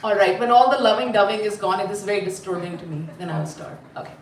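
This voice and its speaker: A woman telling a story to a group of children, animated and full of questions to her listeners, heard in an echoey room away from the mic. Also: medium pitch, quick pace, far from the mic, slight background noise. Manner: animated, asks the audience questions. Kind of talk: live storytelling class.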